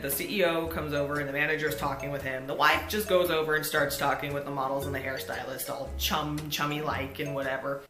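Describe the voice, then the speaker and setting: A woman's voice: lowish voice, sharp tone. A woman telling a storytime vlog story in a sardonic, wry way. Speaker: vlogger. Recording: echoey room, faint music.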